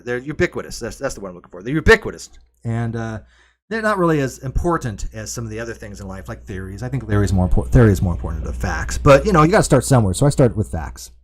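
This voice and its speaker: A man's voice: medium pitch, a bit bright. A man hosting a casual livestream, rambling and correcting himself, with wry asides to his chat, talking into a cardioid desk mic from his home streaming room. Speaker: livestream host. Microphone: cardioid desk mic, sometimes turned away.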